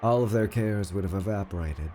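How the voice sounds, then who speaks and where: A man streaming himself reading a visual novel aloud in a steady, low-key narrating voice. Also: fairly quick, slight background noise.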